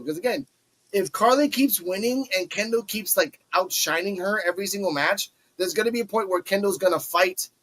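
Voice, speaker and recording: A man hosting a casual wrestling review podcast, talking in an animated way and acting out the wrestlers' lines. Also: high voice, low-quality recording. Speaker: podcast host.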